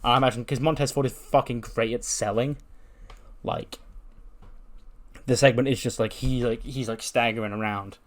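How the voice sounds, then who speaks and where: In casual let's-play commentary, a game channel host recaps his wrestling sim game, swearing and dropping fillers freely. His voice is medium-pitched with fairly even intonation, and he talks at a moderate pace.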